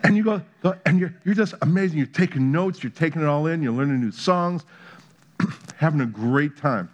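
A man's voice: on the high side, expressive, moderate pace. A man preaching a sermon, telling a playful story with humor that builds to emphatic points. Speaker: pastor.

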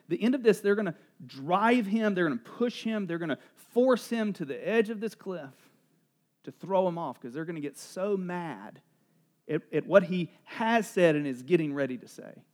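A middle-aged man preaching a sermon as pastor, animated and joking as he acts out the voices of townspeople. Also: fairly high pitch.

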